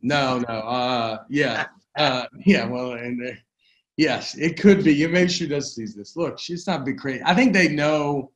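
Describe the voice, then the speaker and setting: A man in his forties, a comedian guest on a podcast, telling rambling, halting stories in casual chat. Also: mid-range voice. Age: 40s.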